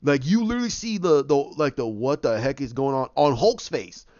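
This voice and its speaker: A man's voice: mid-range voice, animated, moderate pace, a little mellow, no echo, dull audio. A man hosting a podcast, recapping a film casually and acting out scenes with many restarts. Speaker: podcast host.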